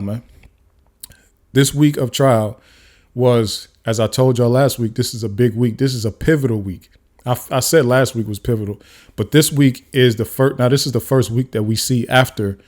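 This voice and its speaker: A man's voice: mid-range voice, darkish tone. A man hosting his own podcast, talking off the cuff in casual solo commentary with frequent restarts. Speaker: podcast host. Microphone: camera-facing studio mic.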